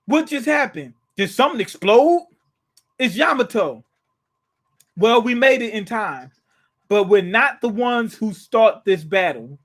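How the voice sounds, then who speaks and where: A man's voice: high voice, lively intonation, a little slow, fairly bright tone. A man hosting a live comic reaction, reading scenes aloud and retelling them in casual slang, often restarting and chuckling. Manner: casual, slangy, paraphrases scenes in his own words. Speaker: manga reaction host.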